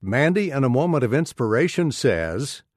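A man's voice: mid-range voice, big pitch swings, normal speed, a little mellow, dry recording, studio quality. A man narrating a children's story in a scripted, announcer-like way.

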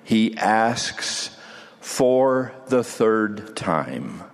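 Male preacher delivering a sermon; deliberate pauses, lively pitch, reverberant hall. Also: creaky. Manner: measured, with dramatic pauses.

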